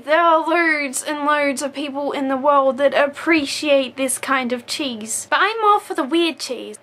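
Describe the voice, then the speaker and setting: A woman with a high voice talks straight to camera in a casual vlog. Her tone is bright and edgy, and she is wry and teasing throughout. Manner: wry, teasing, playfully sarcastic. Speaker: vlogger. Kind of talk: casual comedic monologue.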